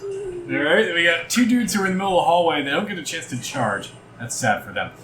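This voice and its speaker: Animated man running a tabletop game. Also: fairly high pitch, fast talker. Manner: playful, jokey, bursts into laughter and silly sound effects. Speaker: game master. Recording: roomy, distant mic with background noise.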